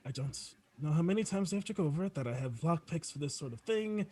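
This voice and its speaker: A man's voice: fairly high pitch, lively intonation, fast talker, mellow. A man voicing a dry, weary rogue who mutters complaints. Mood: exasperated. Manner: exasperated, muttering.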